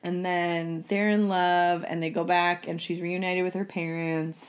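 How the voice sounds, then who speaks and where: A woman co-hosting a casual podcast, chatting in an animated way and saying "like" a lot. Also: fairly low pitch, unhurried. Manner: chatty, animated, says "like" often. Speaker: podcast co-host. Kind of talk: casual chat.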